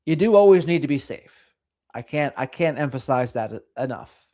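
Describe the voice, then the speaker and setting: Here a middle-aged man with a medium-pitched voice chats casually on his livestream at a normal speed. He goes through viewer comments with a lively, sing-song lilt.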